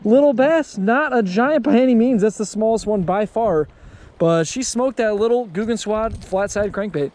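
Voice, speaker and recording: A man's voice: high voice, normal speed. A young man filming himself fishing on a lake, chatting casually to viewers and calling them "guys" and "dude". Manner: excitable, says "dude" and "guys" a lot. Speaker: fishing vlogger. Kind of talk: casual outdoor fishing commentary. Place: on a boat on a lake, outdoors.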